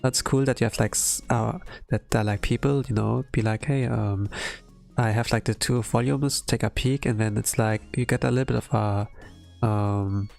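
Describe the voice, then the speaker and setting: With faint music behind him, a man livestreams his drawing and chats in a rambling, casual way full of "like" and "um" fillers. His lowish, darkish voice carries vocal fry, fairly even intonation, and a moderate pace.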